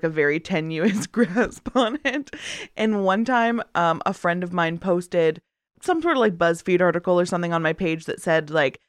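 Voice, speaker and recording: Lively laughing woman podcast co-host. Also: lowish voice, no echo, studio quality. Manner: laughs often, animated storytelling. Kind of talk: casual chat.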